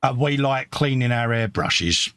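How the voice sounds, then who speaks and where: A man's voice: medium pitch, lively intonation, measured pace, pushed and bright, no echo. A middle-aged man with a British accent, chatting casually and self-mockingly while building a model kit and reading out chat messages. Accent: British English. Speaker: co-host of a live modelling stream.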